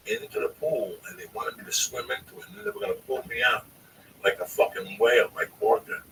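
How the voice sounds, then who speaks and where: A man tells a rambling, profane story, his gravelly low voice swooping up and down with a bright edge. He sits back from the microphone, with faint room noise behind him. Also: recorded from a distance, low-quality recording. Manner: profane, animated, addresses the listener as "Lee". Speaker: storyteller guest. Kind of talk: casual podcast storytelling.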